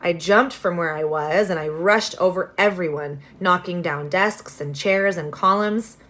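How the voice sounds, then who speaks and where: A woman reading a children's novel aloud, expressive, with casual asides to her listeners. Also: lowish voice, a little slow. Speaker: reader.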